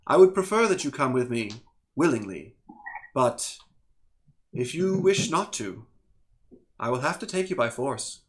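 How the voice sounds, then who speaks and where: A man voicing a calm male air elemental spirit who speaks softly and slowly. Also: medium pitch. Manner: slow, soft, calm.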